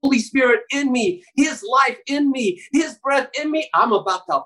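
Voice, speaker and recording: Fervent male preacher, animated, acts out voices. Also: extremely high pitch, moderate pace. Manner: fervent, acts out voices, swings loud and soft. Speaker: guest preacher.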